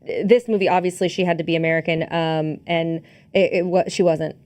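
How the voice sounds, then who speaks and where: A woman co-hosting a movie podcast, talking casually with many pauses and restarts. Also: lowish voice, fairly even intonation, darkish tone. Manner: hesitant, laughs often, many fillers. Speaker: podcast co-host. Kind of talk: casual movie review chat.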